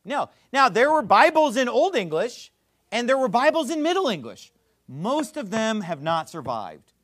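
A man's voice: very high voice, big pitch swings, normal speed, fairly bright tone, no room sound, clean studio sound. A man giving a classroom-style lecture as a Bible teacher, explaining step by step with joking asides.

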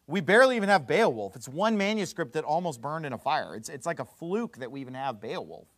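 A man's voice: a little high, sing-song, fast, a bit bright, no room sound, studio quality. A man giving a classroom-style lecture as a Bible teacher, explaining step by step with joking asides.

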